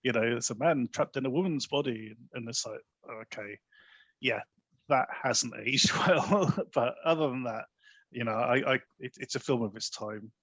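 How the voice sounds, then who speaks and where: Husky man on a dry podcast mic. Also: mid-range voice, fairly quick, no room sound. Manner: laughs easily, acts out quoted lines. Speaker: podcast co-host. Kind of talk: casual film review chat.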